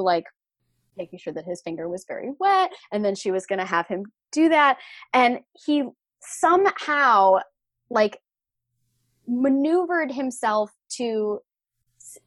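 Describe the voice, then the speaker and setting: A young adult woman telling a candid personal story, animated and frank, laughing and swearing as she goes. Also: fairly high pitch, no room sound, studio quality.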